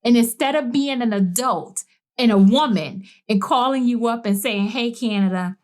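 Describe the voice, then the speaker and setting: A woman talking on a casual podcast with a fairly high voice. She tells stories emphatically and with lots of animation, slipping into the voices of the people she quotes. Her delivery is relaxed and conversational. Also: moderate pace. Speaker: podcast co-host. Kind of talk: casual chat.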